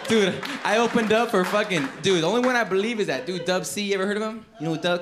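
A high-voiced male comedian works the crowd, teasing audience members with constant profanity. He sounds echoey, recorded live in a comedy club with loud audience noise around him. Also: animated, a little fast. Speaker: stand-up comedian. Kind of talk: stand-up crowd work.

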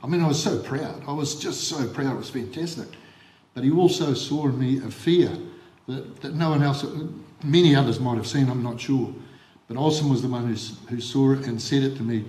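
Older New Zealand man, halting eulogy. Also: medium pitch, darkish tone. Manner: halting, repeats words, many ums. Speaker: former rugby league coach giving a eulogy. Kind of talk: funeral eulogy, reminiscing. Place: funeral service hall. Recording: echoey hall on livestream.

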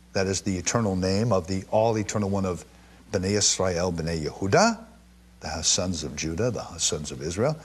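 Animated husky-voiced man teaching scripture. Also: deep voice, moderate pace. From Jerusalem. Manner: animated, emphatic verse reading with frequent stammered restarts. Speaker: Bible teacher. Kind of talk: televised Bible teaching.

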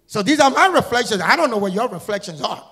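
A male guest pastor preaching an Easter sermon, firing repeated questions at the congregation and building into shouted, sing-song crescendos. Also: sits high, lively intonation, quick pace, slightly rough. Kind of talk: Easter sermon with call-and-response. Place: church sanctuary. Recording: church hall reverb with music.

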